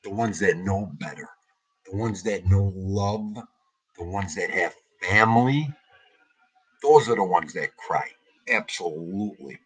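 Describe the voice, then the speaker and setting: Husky, tearful New man. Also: low voice, a little slow, rough recording. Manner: emotional, heartfelt, greets viewers by name. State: grieving, tearful. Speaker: livestream host. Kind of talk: casual livestream chat greeting viewers.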